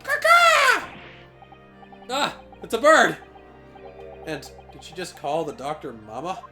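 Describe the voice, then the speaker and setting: A man's voice: a little high, sing-song, measured pace. Man co-hosting a couples' let's play, easygoing and chatty, with game music underneath. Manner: chatty, swearing, reads dialogue aloud. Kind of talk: casual gameplay commentary.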